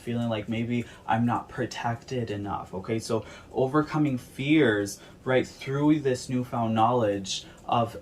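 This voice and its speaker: Man, tarot reader, earnest, mid-range pitch, slight background hiss. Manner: earnest, repeats "okay?" and "right?". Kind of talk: spiritual reading to camera.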